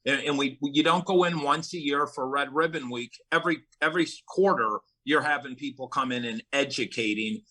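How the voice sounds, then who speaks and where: In poor audio, a middle-aged male guest talks briskly with few pauses in a sharp, mid-range voice. Over the course of a conversational interview, he earnestly discusses recovery and tells personal stories, adding emphasis in bursts.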